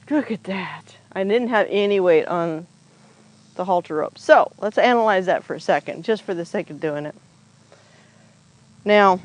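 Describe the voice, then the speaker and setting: Poor audio captures a mid-range voice as a horse trainer gives a chatty, explanatory groundwork demo outdoors. Each step is narrated aloud to a camera set on the ground nearby.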